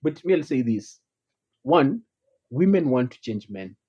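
A man's voice: medium pitch, sing-song, measured pace, dark tone, slightly rough. A young man with a Kenyan accent, co-hosting a casual podcast chat and explaining his point. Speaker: podcast co-host.

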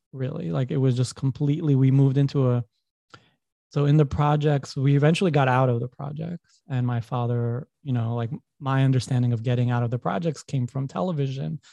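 A man's voice: medium pitch, steady tone, normal speed, creaky, dark tone, no room sound, highs cut off. A young adult man, rambling through personal stories in casual conversation and laughing as he tells them. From New York. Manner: rambling, self-correcting, laughs while telling. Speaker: podcast guest.

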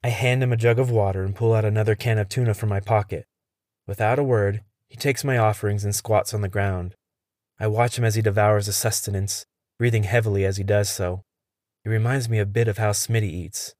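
A man reading a first-person horror story in a steady, tense delivery. His voice sits low, and the sound is dry and close, with no room around it. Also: brisk, no echo.

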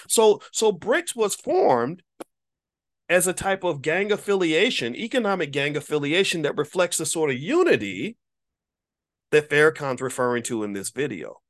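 A man's voice: a little high, sing-song, moderate pace. A man giving a casual monologue to viewers as an online commentator. He speaks emphatically and preachily, with casual profanity, and repeats words when he restarts a thought.

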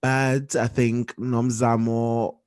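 A man's voice: medium pitch, little pitch movement, slow, darkish tone, no echo, clean studio sound. A man from South Africa chatting candidly about a movie, laughing easily as he gives his opinions. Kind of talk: casual chat, movie review.

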